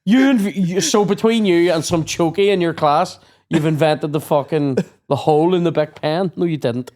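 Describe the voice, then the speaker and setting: A young podcast host with a fairly high voice tells sweary stories from his school days at a moderate pace, acting out shouted quotes in casual chat.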